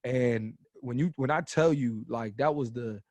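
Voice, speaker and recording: A man in his thirties, a comedian guest telling stories on a podcast in a casual, animated way, swearing freely and getting loud as he goes. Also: mid-range voice, measured pace, no echo. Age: 30s.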